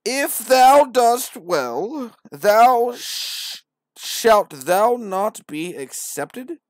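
A man voicing God on high as a solemn, booming male deity who draws out archaic pronouncements. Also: sing-song, dry recording, studio quality, heavily acted. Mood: grandiose. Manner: slow, drawn-out, archaic pronouncements.

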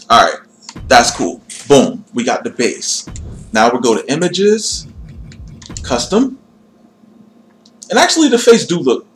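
A man's voice: mid-range voice, fairly bright tone, a little hiss or hum. A young man casually chatting to his viewers while building a character in a game, reassuring himself and joking at his own expense. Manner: chatty, talks to chat while tinkering, self-deprecating. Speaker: gaming livestreamer. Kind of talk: casual livestream commentary.

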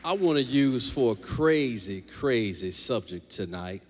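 A man preaching a lively sermon as pastor, joking with the congregation in a large church. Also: medium pitch, measured pace, a little hiss or hum. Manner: animated preaching, jokes with the congregation. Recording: long hall reverb.

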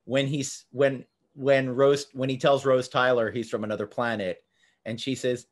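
A man hosting a podcast, chatting casually and telling stories with quick laughs. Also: medium pitch, flat delivery. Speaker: podcast host. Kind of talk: casual chat.

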